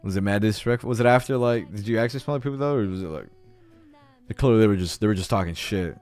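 A young man streaming a game live, talking casually, swearing often and cheering loudly at the screen. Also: lowish voice, quick pace, soft background music. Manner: hyped and jittery, swears a lot, cheers loudly. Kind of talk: casual live-stream chat while gaming.

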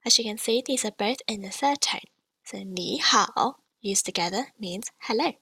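A woman teaching a beginner language lesson, modelling the sounds slowly and carefully. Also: medium pitch, bright, forceful tone, no echo, rough recording. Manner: clear, careful modelling of tones, slow repetitions.

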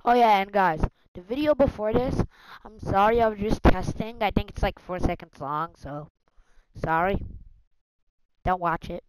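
A woman's voice: mid-range voice, normal speed, clear, resonant tone, poor audio. A woman giving casual, joking gameplay commentary, playful and slangy, now and then putting on a mock accent. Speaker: gaming channel host.

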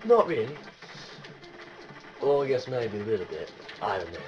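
A man playing a video game and commenting excitedly, often exclaiming and shouting at the screen. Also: fairly low pitch, moderate pace, rough recording. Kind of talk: excited let's-play commentary.

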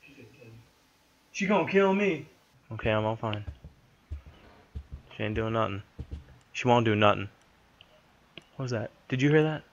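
A man's voice: fairly low pitch, normal speed, pauses often, muffled recording. A man giving jumpy, nervous commentary while playing a horror game, talking to himself. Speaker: let's play host.

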